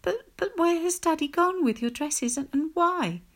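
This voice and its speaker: A woman voicing a young girl who asks small, halting, stammering questions in a storybook reading. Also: extremely high pitch, lively intonation, a bit bright, voice pushed up, exaggerated voice. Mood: puzzled. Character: small girl, curious, hopeful, fearful.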